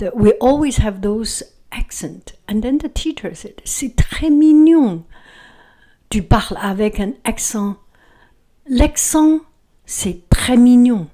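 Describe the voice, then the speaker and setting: Slow-speaking Chinese-accented woman. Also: mid-range voice, dark tone. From China. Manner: repeats words, halting phrasing with fillers. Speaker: vlogger. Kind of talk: casual reflective monologue.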